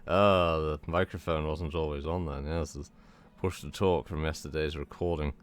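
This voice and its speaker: A man's voice: very deep voice, steady tone, normal speed, smooth. A young man streaming a game, rambling and chatting casually, repeating "yes" and "good" a lot with dry, self-mocking humour. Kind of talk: casual gameplay stream commentary.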